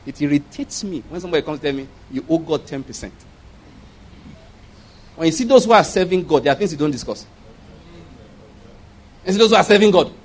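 Male pastor, animated sermon delivery with humorous asides, voice sits a bit high. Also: quick pace, long pauses, low-quality recording. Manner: animated, laughing asides, acted-out quotes.

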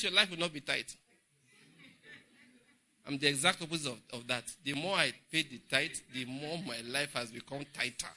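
Bright-voiced Nigerian preacher man. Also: mid-range voice, moderate pace. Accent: Nigerian English. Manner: humorous, laughing, animated storytelling. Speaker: pastor. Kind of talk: sermon. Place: church Bible study.

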